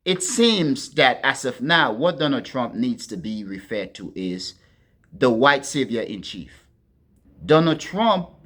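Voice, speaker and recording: A man hosting a political commentary monologue, talking to his listeners as friends in a deliberate, emphatic way and leaning hard on key words. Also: medium pitch. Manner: deliberate, addresses listeners as friends, stresses words with sharp swings in loudness.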